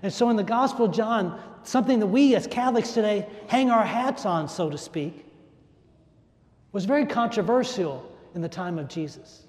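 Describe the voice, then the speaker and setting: A man's voice: high-pitched, lively intonation, moderate pace, a little mellow. A man preaching a homily in an emphatic way, repeating phrases for stress and letting his voice rise and fall. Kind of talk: sermon. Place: large church. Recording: echoey church hall.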